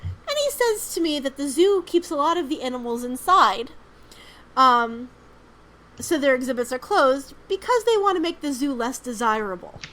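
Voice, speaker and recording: This woman's voice is high-pitched, animated and a bit bright, moving at normal speed over poor audio. As a podcast co-host she chats casually, spinning meandering stories full of "um," "like" and free swearing.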